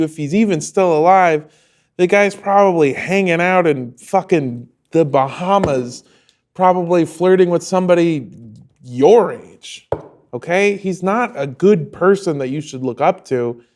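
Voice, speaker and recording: A man playing a gruff, foul-mouthed cop dad. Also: a little high, measured pace, a little mellow, voice pushed up, close to an everyday voice. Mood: blunt. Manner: crude, blunt, swearing. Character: gruff blunt middle-aged male cop father.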